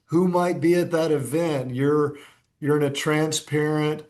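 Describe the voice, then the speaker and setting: A man with a fairly high, unhurried voice is a podcast guest, a designer and entrepreneur swapping stories in a casual interview. He's an animated storyteller who acts out the dialogue, restarting his sentences often.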